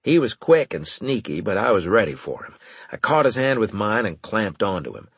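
A man narrating a first-person audiobook with wry, lively storytelling. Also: on the low side, normal speed, husky, no room sound.

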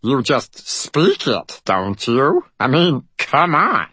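A man voicing a tiny, hot-tempered male fairy warrior who speaks in a shrill, theatrical, haughty way. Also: huge pitch swings, slow, sharp tone, slightly rough, no room sound, full character voice. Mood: exasperated. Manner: haughty, declamatory.

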